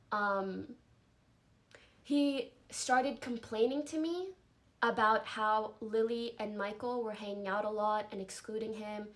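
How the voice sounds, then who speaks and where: A young woman streamer giving an emotional, earnest statement, halting and apologetic and close to tears. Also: medium pitch, a bit bright.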